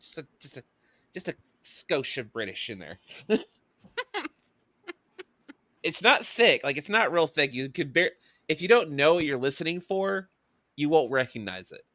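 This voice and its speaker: A man's voice: fairly high pitch, sing-song, a little slow, pauses often, pushed and bright, no room sound. A man with an Oklahoma accent chatting casually on a podcast, teasing and easygoing.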